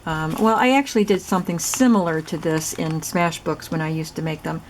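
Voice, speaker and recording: A woman's voice: low voice, steady tone, brisk. A woman host chatting casually as she demonstrates a crafting project, explaining each step. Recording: noisy recording with clicks.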